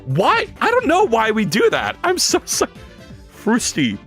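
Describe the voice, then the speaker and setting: A man's voice: extremely high pitch, unhurried, faint music behind. A man streaming live while coding, chatting casually with viewers and reading their messages aloud. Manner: animated, jokey, reads chat aloud and rambles. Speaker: livestreamer.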